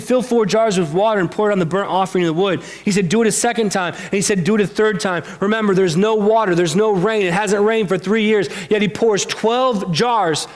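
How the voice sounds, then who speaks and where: A man preaching a sermon as pastor, telling a Bible story in a lively, animated way and acting out the characters' lines. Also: high-pitched. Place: church sanctuary.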